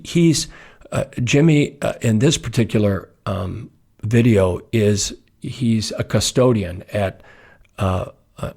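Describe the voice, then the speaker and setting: A pastor speaks in a low register with a gravelly edge. His voice is husky and a little rough. He tells a story earnestly and unhurriedly, often circling back and restarting his phrases. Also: darkish tone. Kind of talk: podcast devotional message.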